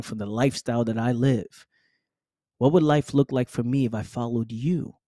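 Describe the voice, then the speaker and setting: Mężczyzna, ciemny głos, motywacyjny monolog. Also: male voice, medium pitch, warm tone, dry recording, studio quality. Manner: preachy, repetitive, addresses listener as "fam". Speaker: podcast host. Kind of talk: motivational monologue.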